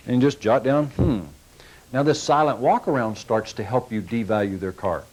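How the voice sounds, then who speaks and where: A man runs a sales training session in a folksy, coaching style, explaining techniques and breaking into short acted-out exchanges with customers. He speaks at a moderate pace with an ordinary middle pitch and a darkish tone, and the recording quality is rough.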